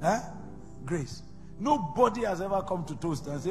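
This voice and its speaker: A man with a Nigerian accent preaching a sermon, swinging between loud shouts and soft whispers. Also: high-pitched, lively intonation, brisk. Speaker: pastor. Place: large church hall. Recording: reverberant hall with faint music.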